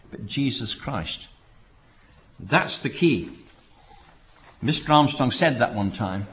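A man preaching a sermon in an earnest way, often repeating words and rising to emphatic calls to hold fast. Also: mid-range voice, fairly bright tone. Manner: earnest, repeats phrases, rises to emphatic exhortation.

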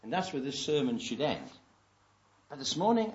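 Man, preacher, sermon, emphatic slow scripture reading, rhetorical questions, muffled lo-fi sound. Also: medium pitch, big pitch swings. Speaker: pastor. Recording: dull lo-fi recording.

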